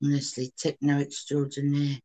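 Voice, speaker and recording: A woman with a Cockney accent co-hosting a live chat stream, talking casually and warmly to her viewers. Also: low voice, monotone, normal speed. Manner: chatty, calls people sweetheart and darling.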